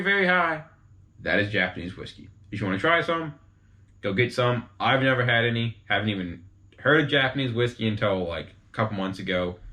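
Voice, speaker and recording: A man's voice: fairly low pitch, a bit bright. A man hosting his own show, casually explaining to viewers in a chatty, informal way with frequent asides to the audience. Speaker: host explaining whiskey types.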